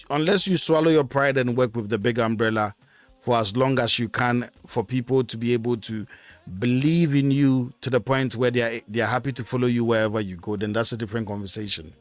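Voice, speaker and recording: A man's voice: mid-range voice, dry recording. A man hosting a live music stream, talking casually on his own and rambling with many fillers and restarts.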